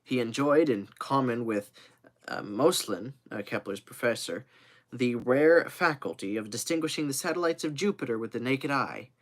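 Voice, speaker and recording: A man reading a classic novel aloud live, expressive, with occasional slips and fillers. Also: medium pitch, normal speed. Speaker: reader.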